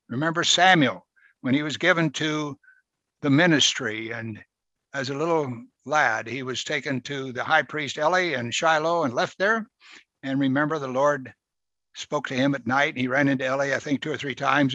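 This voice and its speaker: A man's voice: medium pitch, bright, forceful tone, dry recording, low-quality recording. A man preaching a sermon in a conversational way, often asking rhetorical questions.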